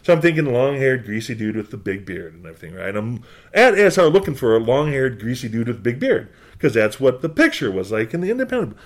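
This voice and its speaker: A man from New Hampshire, a guest on a podcast, telling a story in an animated, profane way, full of "like". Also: mid-range voice, fast talker. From New Hampshire, USA. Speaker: guest, skateboard brand owner.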